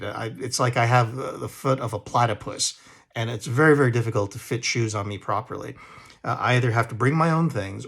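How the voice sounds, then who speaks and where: A man's voice: mid-range voice, vocal fry, a bit bright. A male actor talking casually to camera and looking back on old roles, rambling and poking fun at himself. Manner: self-deprecating and rambling. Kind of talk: casual talk to camera, reminiscing.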